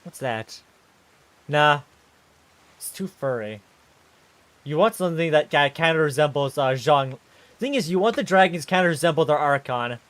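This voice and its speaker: A male streamer gives casual, running commentary, breaking into excitable rants. His voice sits a bit higher than most men's. The sound is close and dry, with no room echo. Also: moderate pace, long pauses. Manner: excitable, ranting and exclaiming.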